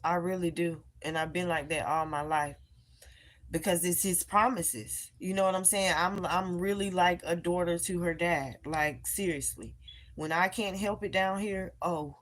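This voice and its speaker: A woman chatting on a live stream from home, telling a personal story in an emphatic, animated way and addressing her viewers as y'all. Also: lowish voice, normal speed. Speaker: live-streamer and tarot reader.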